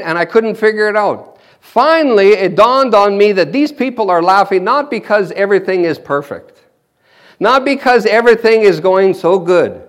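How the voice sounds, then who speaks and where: High-voiced exuberant male preacher. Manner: exuberant, breaks into laughter, repeats call-and-response. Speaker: pastor. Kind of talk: sermon.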